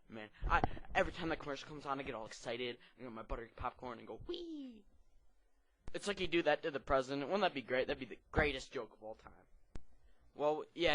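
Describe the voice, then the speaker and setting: A man doing a stand-up comedy routine, rambling and excitable, with lots of fillers and restarts. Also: fairly high pitch.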